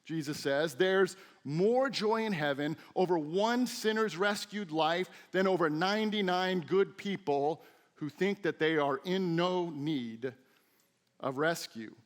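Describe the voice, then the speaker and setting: A middle-aged man preaching a sermon as a teaching pastor, telling stories with lively, acted-out quotes. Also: on the high side, slow. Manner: animated storytelling with acted-out quotes. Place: church sanctuary.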